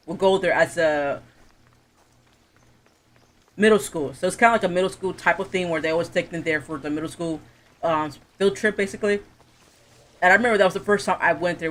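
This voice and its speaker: A streamer from Florida chats while gaming, spinning animated stories at an easy middle pitch. The speaker laughs a lot and slips into voices when quoting people. The voice is close and direct on a desk mic. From Florida, USA. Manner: animated storyteller, laughs often, acts out quotes. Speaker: game streamer. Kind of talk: casual chat while playing.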